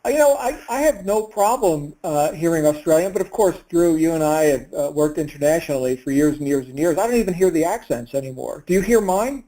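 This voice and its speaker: A middle-aged man hosts an online call and introduces his guest in an upbeat, motivational way. His voice sits a little high yet sounds warm and relaxed. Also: brisk, hardly any pauses, low-quality recording. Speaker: host.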